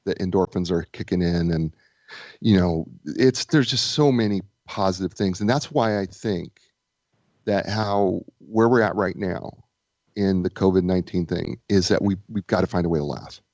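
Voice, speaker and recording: A man speaking as a guest author and business coach, telling stories in a lively way with frequent restarts. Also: low voice, normal speed, dry recording, dull audio. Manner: animated storyteller, stammering restarts. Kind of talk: casual interview chat.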